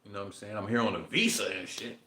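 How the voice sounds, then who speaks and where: A man with a lowish but bright, forceful voice, swearing freely as he reads aloud and riffs. His voice bounces around an echoey room. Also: very fast. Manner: profane, animated, riffing between read passages. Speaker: podcast host. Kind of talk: casual monologue reading aloud.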